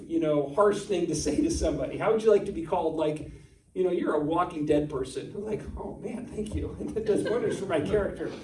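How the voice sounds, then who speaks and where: Man preaching, high voice, conversational, rhetorical questions, echoey church room, distant mic. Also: darkish tone. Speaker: pastor. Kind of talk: sermon. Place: church sanctuary.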